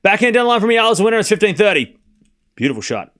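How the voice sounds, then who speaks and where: A man's voice: sits high, sing-song, fast, a bit bright. A man livestreaming casual tennis play-by-play, calling scores and bantering animatedly with his chat.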